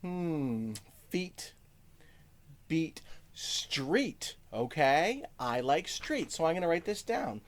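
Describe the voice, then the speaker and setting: A male music teacher giving a first-grade lesson, speaking slowly to young children, checking in with "okay?" and singing short lines. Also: high voice, sing-song. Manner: lots of "okay?" check-ins.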